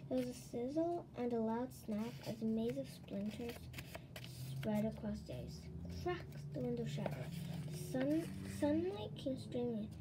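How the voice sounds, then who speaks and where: Woman reading a children's book aloud, expressive, lively pitch, hissy recording. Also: unhurried. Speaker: storybook reader.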